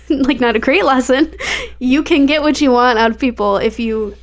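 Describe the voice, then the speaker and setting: Casual podcast co-host, woman, slightly high voice, rambling and filler-heavy. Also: moderate pace. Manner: chatty, many fillers and likes, laughs easily. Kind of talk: casual chat about a movie.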